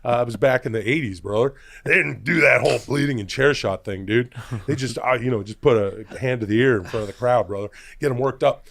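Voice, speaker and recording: A man doing an impression of a famous pro wrestler, a boastful, gruff older man who drawls and keeps calling people "brother.". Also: mid-range voice, a little fast, a bit bright, pitched below the performer's own voice. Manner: keeps tagging lines with "brother".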